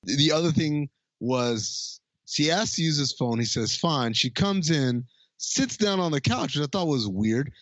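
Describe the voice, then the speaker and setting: A man's voice: fairly high pitch, animated, measured pace, no room sound, lo-fi sound. A man co-hosting a movie podcast, casual and crude, reading out his own viewing notes. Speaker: podcast co-host. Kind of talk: casual movie review chat.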